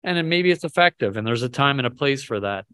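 A man's voice: mid-range voice, animated, quick pace, bright, forceful tone, clear, resonant tone. Chatty man leading a Bible study. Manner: conversational, rambling, self-deprecating, asks the group questions. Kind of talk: casual Bible study teaching.

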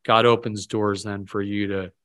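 A man's voice: fairly low pitch, flat delivery, normal speed, fairly bright tone, smooth. A man leading a casual Bible study, talking in a rambling, self-deprecating way and asking the group questions.

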